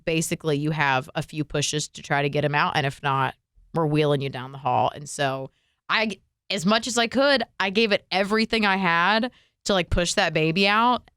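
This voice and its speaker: Young female podcast co-host, low and smooth, emotional casual storyteller. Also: moderate pace, dry recording, studio quality. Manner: emotional, animated retelling with frequent fillers.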